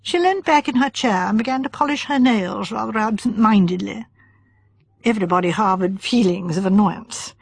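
A woman's voice: mid-range voice, moderate pace, vocal fry, husky, no room sound. A woman narrating a classic mystery story, reading every character's lines herself and shifting her tone from one speaker to the next. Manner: reads all parts, shifting tone between characters. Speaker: audiobook narrator. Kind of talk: scripted narration.

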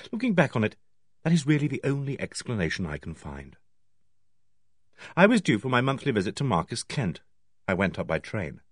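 A man reading an audiobook in the first person, with a measured, wry delivery. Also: mid-range voice, no echo, clean studio sound. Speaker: audiobook narrator. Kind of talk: audiobook narration.

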